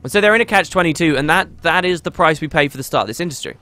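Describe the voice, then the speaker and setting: A man's voice: a little high, expressive, racing, bright, forceful tone, no room sound, faint music behind. A man streaming a game and chatting casually to viewers, rambling and often restarting his sentences. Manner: rambling, talkative, self-interrupting. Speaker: gaming streamer. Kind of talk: casual gaming stream chat.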